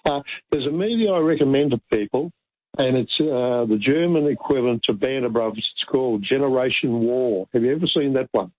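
A man's voice: medium pitch, dry recording. Hesitant man on a tinny phone line. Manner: hesitant, halting.

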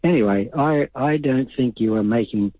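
A man's voice: medium pitch, moderate pace, no echo. An older man calling in to a radio show, giving blunt, rambling opinions. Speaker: caller. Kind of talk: casual talkback call. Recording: dry phone-line sound.

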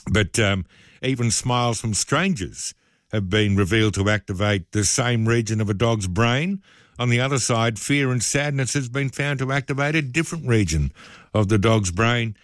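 A man's voice: medium pitch, normal speed, no echo. A man with an Australian accent hosting a casual talkback radio show, chatty and self-deprecating, with loose asides, speaking into a studio microphone. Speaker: radio host.

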